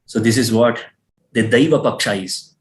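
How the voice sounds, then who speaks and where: A man's voice: medium pitch, moderate pace, low-quality recording. A man telling an epic as a lecture, earnest and repeating points for emphasis. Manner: earnest, repetitive emphasis, occasional restarts. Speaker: storyteller and teacher. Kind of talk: explanatory storytelling lecture.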